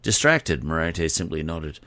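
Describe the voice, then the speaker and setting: A man reading scripted audiobook narration in a steady, expressive way. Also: extremely low pitch, normal speed, no echo.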